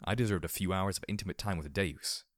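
A man with a very deep voice narrates a first-person audiobook at a steady, measured pace, in a dry recording with no room sound at all.

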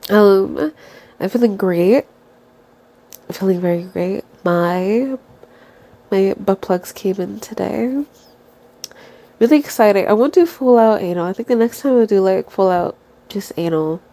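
Young woman, stuffy nose, unhurried drawl, mellow low-sheen tone; loose casual chat. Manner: chatty, giggly, swears freely.

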